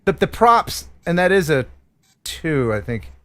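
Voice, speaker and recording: A man's voice: fairly high pitch, sing-song, unhurried, sharp tone. A man hosting a casual live stream, exclaiming and laughing often as he chats. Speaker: host.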